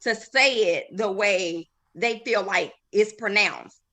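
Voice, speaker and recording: A woman in her thirties talks on a casual live panel show with a bright, forward voice. She is animated and emphatic, and she often breaks off and restarts her sentences as she makes her point. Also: mid-range voice, takes it slowly. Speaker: panel host.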